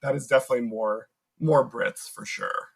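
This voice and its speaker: A man's voice: mid-range voice, normal speed, vocal fry, husky, low-quality recording. A young American man in casual conversation as a podcast guest, talking in loose, rambling sentences full of "like" and restarts. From United States. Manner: chatty, lots of "like" fillers and restarts.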